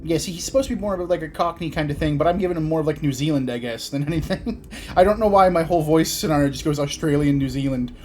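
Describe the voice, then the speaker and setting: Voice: medium pitch, fast, a little hiss or hum. A gaming host giving casual, jokey commentary and reading the game's lines aloud. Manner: jokey, rambling, reads game dialogue aloud. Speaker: let's play host.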